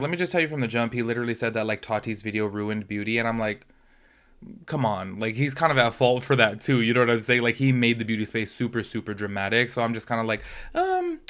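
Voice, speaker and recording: A man's voice: medium pitch, fairly bright tone, clean tone. A man hosting a casual commentary video, sounding nasally and congested, rambling and gossipy with lots of fillers. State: congested from allergies. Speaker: YouTube commentary host.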